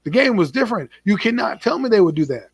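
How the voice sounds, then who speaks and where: A man's voice: high-pitched, very animated, quick pace, vocal fry, slightly rough. A middle-aged man co-hosting a casual sports debate, talking emphatically and repeating his points like a lecture. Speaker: podcast co-host.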